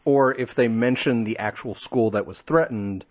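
A man's voice: mid-range voice, normal speed. A man co-hosting a casual podcast chat, rambling with many fillers and self-deprecating jokes. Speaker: podcast co-host.

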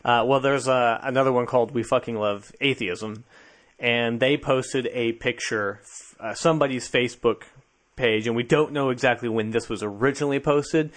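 A man's voice: mid-range voice, steady tone, moderate pace, a bit bright. Man casually chatting on a podcast. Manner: conversational, easily amused. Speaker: podcast host.

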